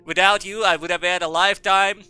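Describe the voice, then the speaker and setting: A man's voice: high-pitched, steady tone, fairly quick, bright, forceful tone, smooth, soft background music, voice pushed up. A man voicing a pompous ancient male headmaster giving a grandiose farewell speech. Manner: grandiose, theatrical oratory.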